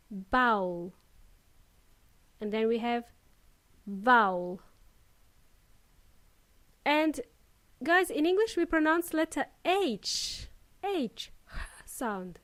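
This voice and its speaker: A woman hosting a podcast English lesson, demonstrating pronunciation clearly and signing off cheerfully. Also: sits high. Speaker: podcast host and English teacher.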